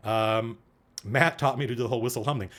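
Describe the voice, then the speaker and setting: A man's voice: medium pitch, fast talker. A man hosting a livestream, chatting casually and digressively as he answers questions from chat. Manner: animated, digressive, thinking aloud.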